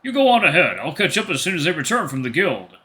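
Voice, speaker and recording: A man voicing an earnest male bear adventurer in a game, speaking higher and louder than his own voice. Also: very animated, quick pace.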